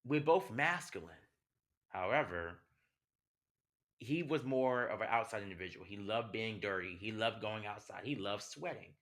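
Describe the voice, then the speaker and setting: A man's voice: fairly low pitch, normal speed, a bit bright. A young man, hosting a podcast as a passionate, conversational monologue full of rhetorical questions. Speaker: podcast host. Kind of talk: personal monologue.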